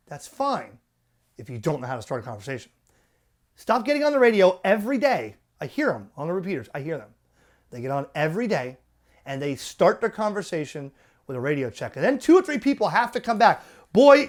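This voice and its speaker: A man hosting a ham radio channel, ranting with exasperation and the odd curse. His pitch swings widely as he gets worked up. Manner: animated, profane, exasperated. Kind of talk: ranting commentary.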